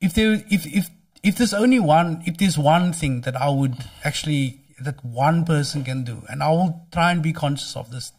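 A South African man with a Cape Town accent talks as a guest, thinking aloud and restarting his sentences. His voice is a touch higher than usual for a man. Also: normal speed, hardly any pauses, husky. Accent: Cape Town South African English. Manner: thoughtful, hesitant restarts. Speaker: podcast guest. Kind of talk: casual conversation.

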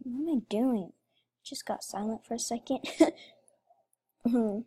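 A woman's voice: a little high, unhurried, pauses often, dark tone, slightly rough. A woman giving let's play commentary, talking emotionally to her viewers as she plays. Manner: emotional, talks to viewers while playing. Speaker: gaming video creator.

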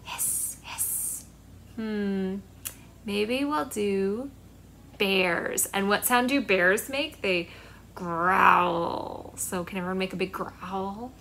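A woman's voice: medium pitch, takes it slowly, a bit bright, slight background noise. A young woman, a children's librarian, cheerfully talking young children through a storytime.

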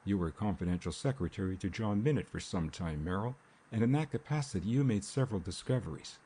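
A man voicing a protective brother who speaks calmly and firmly, pressing an accusation. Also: on the low side, fast, slightly rough. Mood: accusing. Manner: calm, firm, accusing.

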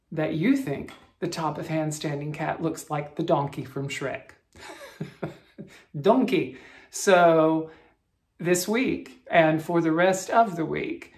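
A woman hosting a cross-stitch vlog from her bedroom, chatting in a friendly, rambling way to her viewers. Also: low-pitched. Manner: friendly, chatty, with frequent restarts and soft laughs. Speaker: cross-stitch vlogger host. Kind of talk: casual chat to viewers. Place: bedroom at home.

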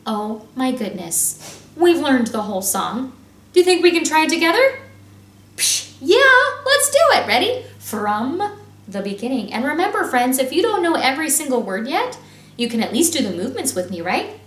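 A woman's voice: high-pitched, sing-song, normal speed, fairly bright tone, slightly rough. A woman music teacher leading a lesson for young children, singing and talking in an upbeat, encouraging way.

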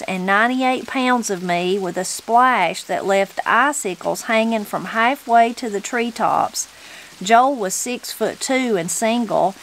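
Unhurried woman reading aloud. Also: medium pitch. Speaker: host reading a book aloud. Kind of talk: storybook reading.

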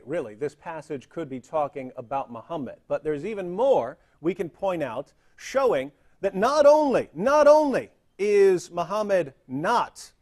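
Male host, higher pitch, methodical argumentative delivery. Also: a little mellow. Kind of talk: religious debate commentary.

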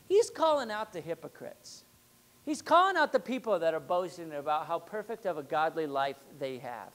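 A pastor delivering a sermon in an easy, conversational way, often turning to the congregation with rhetorical questions. His voice rises for emphasis and drops low for quieter, more pointed remarks. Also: animated, moderate pace.

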